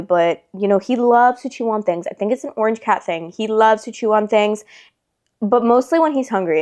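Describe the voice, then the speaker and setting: A young woman hosts a casual podcast from her home, talking in a loose, rambling way. She swears now and then. Her voice sits in an ordinary middle pitch. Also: darkish tone. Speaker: podcast host. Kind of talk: casual chat.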